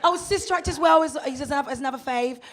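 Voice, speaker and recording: A young British woman with a fairly high voice chats about her stage work in a relaxed live interview. She is bubbly and excitable, full of quick asides and bursts of laughter. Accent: British English. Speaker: cast member, stage actress. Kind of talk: casual live interview chat.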